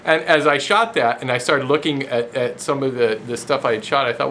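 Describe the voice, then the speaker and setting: A man's voice: mid-range voice, normal speed, fairly bright tone, a little hiss or hum. A man hosting a woodworking show, chatting casually in his shop, self-deprecating and laughing often as he talks. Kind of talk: casual chat to camera.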